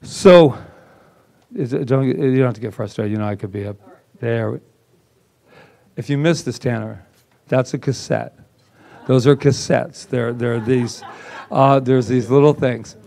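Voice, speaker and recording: A male reverend telling a personal story to a congregation at an everyday pitch. He is theatrical and self-mocking, and he acts out the quoted lines as he goes. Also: a little slow, gravelly, long pauses, dark tone. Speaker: reverend presenting at a spiritual center. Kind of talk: animated storytelling talk.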